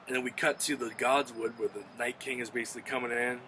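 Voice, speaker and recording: A man casually reviewing a TV episode, retelling the plot in an excited, profane, rambling way. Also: mid-range voice, quick pace, noisy background. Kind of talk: casual spoken recap and review.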